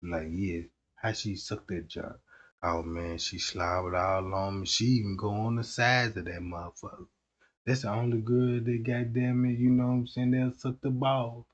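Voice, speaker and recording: A man's voice: lowish voice, flat delivery, normal speed, muffled recording, pitched below the performer's own voice, close to an everyday voice. A man voicing another man who mumbles a confession in a confiding tone. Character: hushed low-voiced man confessing his cheating.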